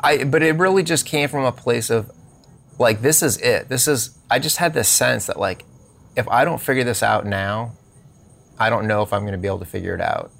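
A man's voice: medium pitch, a little fast, vocal fry, fairly bright tone. A man who is a podcast guest, telling a personal faith story and acting out quoted dialogue in shifting voices.

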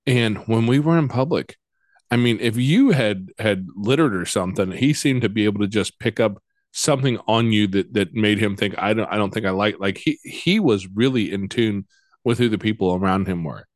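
Relaxed man hosting a chat, dry sound. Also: on the low side, dry recording. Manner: relaxed, halting, repeats words often. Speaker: podcast host. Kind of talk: casual interview conversation.

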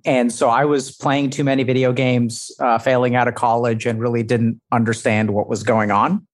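A man, a psychiatrist guest on a chat show, answering in a calm, measured and candid way. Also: medium pitch. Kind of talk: interview answer.

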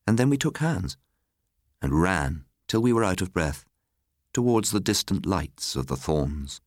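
A man narrating a ghost story in a measured, melancholy storytelling way. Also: sits low, very animated, no room sound, studio quality. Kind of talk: scripted ghost story reading.

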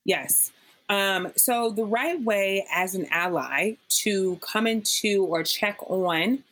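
A woman guest in a conversational interview, talking emphatically and acting out what people said to her. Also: medium pitch. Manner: emphatic, animated storyteller acting out quotes. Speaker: podcast guest.

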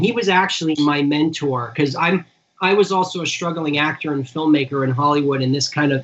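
A man's voice: a little high, fairly bright tone. A man who manages celebrities, telling long rambling anecdotes in casual conversation over a remote call. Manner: chatty, rambling anecdotes with restarts. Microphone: remote call audio. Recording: dull lo-fi call audio.

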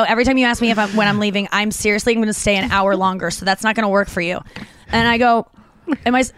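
A woman's voice: on the high side, dry recording. Chatty woman telling stories, dry mic. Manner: animated storyteller, many restarts and fillers. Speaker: podcast co-host. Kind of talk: casual chat.

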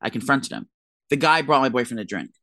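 A man's voice: mid-range voice, expressive, bright, forceful tone, dry recording. A man co-hosting a podcast, chatting casually and telling dramatic gossipy stories. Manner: fast, gossipy, dramatic storytelling. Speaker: podcast co-host. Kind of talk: casual chat.

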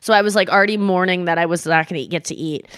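Speaking quickly in a clear, resonant voice, a young woman co-hosts a podcast and tells a story in casual, animated chat. She swears freely and acts out quotes in shrill yells, and the studio-quality recording has no room sound.

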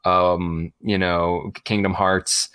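Male podcast co-host, lower voice, halting but blunt talker, dry close sound. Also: flat delivery, a bit bright, smooth, dry recording. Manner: hesitant, many ums and restarts, blunt opinions. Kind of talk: casual gaming chat.

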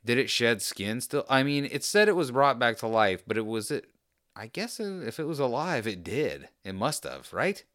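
A man's voice: medium pitch, big pitch swings, normal speed, fairly bright tone, no room sound, studio quality. A man in casual chat, rambling off on tangents with jokey, self-deprecating asides.

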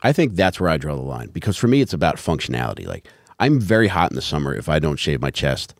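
A man co-hosting a podcast in casual chat, telling stories quickly and with a deadpan edge. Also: extremely low pitch, vocal fry, no echo, clean studio sound. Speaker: podcast co-host.

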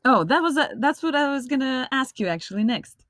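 A woman's voice: sits high, expressive, a little fast, fairly bright tone, dry recording. Woman interviewer with dry, close sound. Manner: encouraging, prompting questions. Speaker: podcast interviewer. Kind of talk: conversational interview.

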